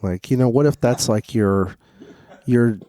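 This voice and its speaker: A young adult man talking loosely on a podcast as co-host, drifting through anecdotes and putting on voices for the people he quotes. His voice sits at an ordinary pitch and sounds close and dry, with almost no room. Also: unhurried, dark tone, no echo. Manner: rambling storyteller, acts out quotes. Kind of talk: casual podcast chat.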